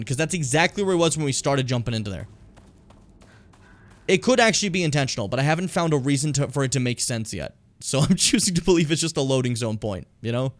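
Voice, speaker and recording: A man streaming a game, chatting and rambling in a casual, animated way between game lines. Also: on the high side, no echo. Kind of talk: casual gameplay commentary.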